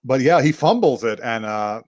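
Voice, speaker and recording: Male podcast co-host, mid pitch, casual rambling recap, dry close mic. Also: animated, normal speed, no room sound. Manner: rambling, laughs often, many fillers and restarts. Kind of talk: casual chat recapping an anime.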